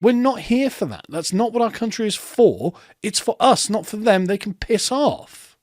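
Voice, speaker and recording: High-voiced man ranting sarcastically. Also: expressive, normal speed, dry recording, clean studio sound. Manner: sarcastic, profane, mocking, breaks into laughter. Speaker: commentary host. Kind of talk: ranting reaction commentary.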